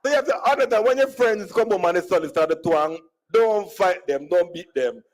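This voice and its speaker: A man's voice: high voice, expressive, a little fast. Jamaican man telling funny stories. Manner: mixes standard English with Jamaican Creole phrasing. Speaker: conference speaker. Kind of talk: humorous storytelling speech. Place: conference hall.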